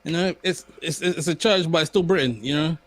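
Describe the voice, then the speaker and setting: Young male co-host, lively storyteller, light voice, stumbles over his words. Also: fairly high pitch, a little fast. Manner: animated storyteller, stammers and repeats words. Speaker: podcast co-host. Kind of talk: casual chat.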